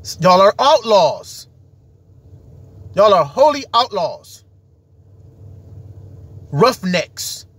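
Husky, emphatic male preacher. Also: high-pitched, very animated, very slow, pauses often, a bit bright, no room sound. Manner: emphatic, rhetorical questions, rambling. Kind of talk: preaching monologue.

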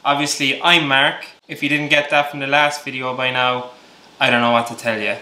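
A man's voice: medium pitch, little pitch movement, normal speed, sharp tone. An Irish man from Ireland hosting his vlog, rambling and joking in a self-mocking way. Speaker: vlogger host. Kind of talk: casual comedic vlog monologue. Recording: echoey room, faint music.

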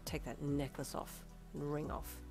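A woman voicing a brash, hot-tempered teenage boy hero in a fan fiction audio reading, talking gruffly and bluntly. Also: sits low, quick pace, a little mellow, faint music behind.

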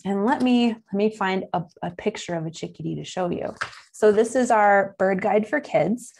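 A woman's voice: mid-range voice, moderate pace, creaky, darkish tone, a little hiss or hum. A young adult woman with a Buffalo, New York accent, giving an enthusiastic, chatty nature lesson for kids. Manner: enthusiastic, chatty, with fillers and laughs. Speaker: nature educator.

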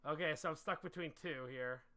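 A man streaming a card game with friends, reading cards aloud, swearing and laughing loudly. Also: fairly high pitch, a little fast, smooth. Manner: loud, laughing, swears a lot. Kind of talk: casual game chat.

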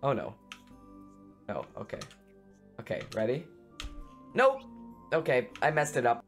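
Excitable male gaming YouTuber; lively, screamy let's play commentary with goofy sound effects. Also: medium pitch, measured pace, pauses often, soft background music.

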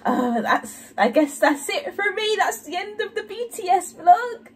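A woman's voice: very high-pitched, very animated, measured pace, distant mic, slight background noise, rough recording. A young woman, gushing effusively in a casual reaction vlog. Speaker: YouTuber.

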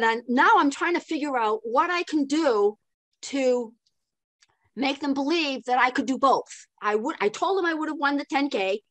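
An older woman, a podcast guest, telling a story in an animated way with frequent laughs and acted-out dialogue. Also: sits high, dry recording. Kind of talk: storytelling interview.

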